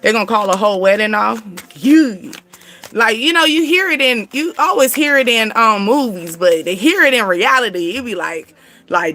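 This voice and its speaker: Woman doing a spiritual reading for her channel, high-ish bright voice, laughs a lot, slangy and chatty. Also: lively intonation, normal speed. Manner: chatty, laughing, slangy, addresses viewers directly. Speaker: spiritual reader and channel host. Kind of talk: casual spiritual reading to viewers.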